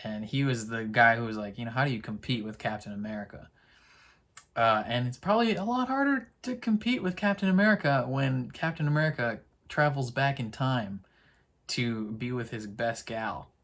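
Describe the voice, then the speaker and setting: A man's voice: mid-range voice, animated, moderate pace, fairly bright tone. A man casually recapping a TV episode in a rambling, chatty way, full of fillers. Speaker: TV episode reactor.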